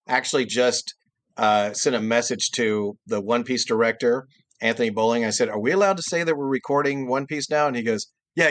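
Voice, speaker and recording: A man's voice: medium pitch, dry recording. A middle-aged man, a voice actor, chatting casually on a podcast and acting out lines in character voices. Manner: animated, acts out quotes in character voices. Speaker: voice actor guest.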